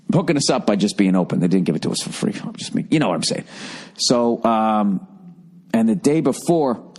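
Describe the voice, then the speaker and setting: A man in his forties hosting a podcast alone, rambling through a comic story with heavy swearing and sudden shrill put-on voices for the people he quotes. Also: mellow. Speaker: podcast host. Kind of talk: rambling comedic monologue.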